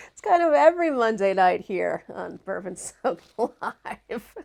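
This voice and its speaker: A woman hosting a casual live stream, loud, laughing often and swearing freely. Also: medium pitch, sing-song, slow pace, creaky. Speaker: host.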